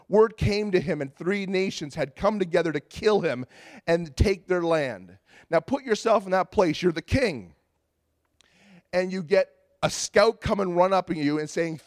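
A male pastor preaching with a high, bright-edged voice that rises to fervent shouting as he acts out his own prayers. The sound is dry and close, with no room around it. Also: no echo. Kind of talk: sermon.

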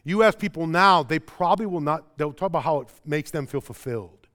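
A man preaching with a Chicago-area accent and a fairly high voice. He swings from loud, emphatic stretches to low, quiet ones, tripping over and repeating words when he gets going. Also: expressive, fairly quick. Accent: Chicago-area American. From American Midwest. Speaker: pastor. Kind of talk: sermon.

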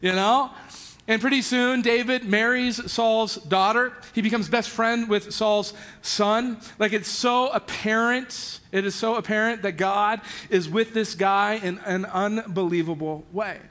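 High-voiced man preaching casually. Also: fairly even intonation, a little slow, fairly bright tone. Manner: casual storytelling, voices biblical characters in everyday slang. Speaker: pastor. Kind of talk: sermon.

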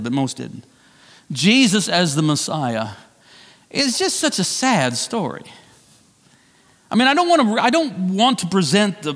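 A middle-aged man preaching a sermon as pastor, conversational and animated, with self-deprecating asides. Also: sits high, in a large hall. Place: church sanctuary.

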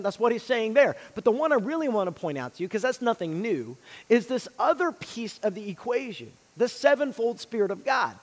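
A man preaching a sermon, swinging between loud emphasis and hushed, quiet lines. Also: very high voice, long reverb tail. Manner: dynamic delivery, swinging from loud emphasis to hushed near-whispers. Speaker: pastor.

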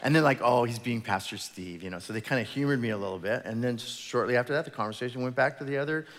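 A man who is a pastor, preaching a sermon in an animated storytelling manner, acting out the voices of people in his stories. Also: medium pitch, quick pace. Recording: long hall reverb.

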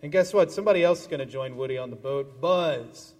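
A man leading a children's message in church, telling an animated, playful story with toys. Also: mid-range voice, a little fast. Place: large church sanctuary. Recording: long church reverb.

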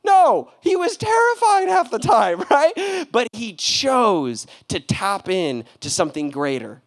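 A young man preaching a casual, animated sermon, full of slang and acted-out quotes. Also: extremely high pitch, slow. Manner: animated, casual slang, acts out voices with laughs. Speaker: pastor.

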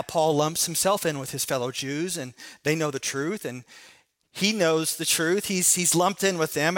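A man with a high-sitting voice preaches a sermon on a Bible passage. His emphatic delivery swings between raised and hushed.

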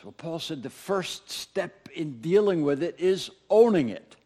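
A man's voice: fairly high pitch, animated, slow, dark tone, slightly rough. A man preaching a sermon as pastor, talking conversationally and directly to his congregation, often repeating phrases for emphasis. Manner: conversational, speaks straight to the congregation with repetition.

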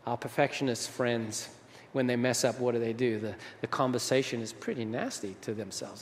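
A man's voice: mid-range voice, normal speed, slight background noise. A man preaching a sermon as a pastor, talking with the audience and often asking them questions. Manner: conversational, asks the audience questions. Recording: long reverb of a large hall.

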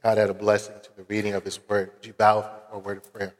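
A man's voice: on the low side, monotone, fast, hardly any pauses. A man from Philadelphia preaching a sermon as a guest preacher, earnest and conversational, with casual fillers as he tells stories. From Philadelphia, USA. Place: church sanctuary. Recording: long church hall reverb.

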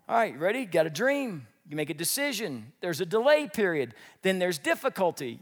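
A man preaching a sermon, telling a story with animated swings between loud bursts and hushed lines. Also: sits high, moderate pace, long reverb tail. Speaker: pastor.

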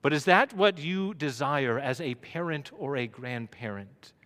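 A man preaching a sermon as pastor, building to loud emphatic runs. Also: fairly high pitch, measured pace. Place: church sanctuary. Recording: long hall reverb.

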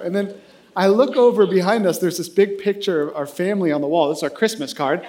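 A man in his thirties preaching a sermon, telling a self-deprecating funny story in an animated way. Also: high voice, fast. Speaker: pastor.

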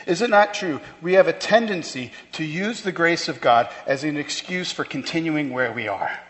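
Man, pastor, sermon, emphatic rhetorical questions, slightly high voice, long church reverb. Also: moderate pace, a bit bright.

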